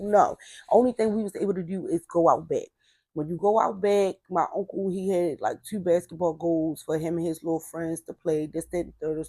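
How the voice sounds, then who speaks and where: Animated woman telling her own story. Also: fairly low pitch, no room sound. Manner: animated, acts out other people's quoted voices; repeats herself, trailing fillers like "this, that, and the third". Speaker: testimony speaker. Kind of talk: personal testimony storytelling.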